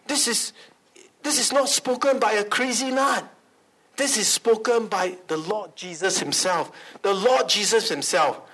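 A male pastor preaches a sermon in an animated way, with big swings in pitch and calls for amens. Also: rough recording.

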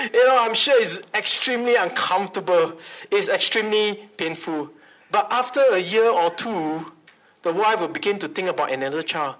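Animated high-voiced preacher. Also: male voice, normal speed, low-quality recording. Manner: animated preaching, big pitch swings, calls for amens. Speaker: pastor. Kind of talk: sermon.

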